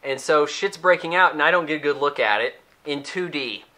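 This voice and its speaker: A man's voice: a little high, brisk, bright, forceful tone. A young man giving a casual, sarcastic, rambling movie review, acting out the characters' lines as he goes.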